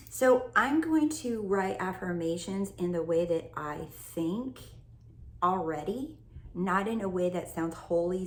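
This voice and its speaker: A woman's voice: lowish voice, vocal fry, a little hiss or hum. A woman from California, a self-help coach, talking casually and emphatically to her viewers, swearing freely. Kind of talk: casual teaching monologue. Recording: echoey room, faint ambience.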